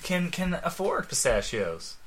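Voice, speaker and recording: A man's voice: sits high, big pitch swings, a little slow, a crowd in the background. A man co-hosting a casual comedy podcast, asking questions, hesitating and laughing easily. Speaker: podcast co-host.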